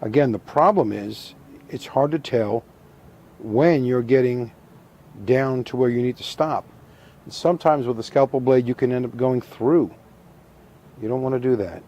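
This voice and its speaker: Middle-aged guy walking you through a craft demo, calm and methodical, dark mellow voice, repeats himself, dry humor. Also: mid-range voice, normal speed, pauses often. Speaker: taxidermy instructor. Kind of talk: hands-on demonstration.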